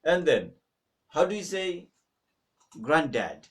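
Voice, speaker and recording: A man teaching an online Arabic lesson, drilling words slowly with students and urging them to practise. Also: mid-range voice. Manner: emphatic, exhorting. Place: mosque teaching room. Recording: voice a little far from the mic.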